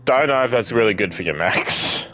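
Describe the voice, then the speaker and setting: A young man with a very low voice, casually streaming a narrative game. He reads lines and journal entries aloud himself, drops jokes and curses, and laughs at the story. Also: lively intonation, moderate pace, bright, forceful tone, soft background music. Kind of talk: casual gameplay commentary and reading dialogue aloud.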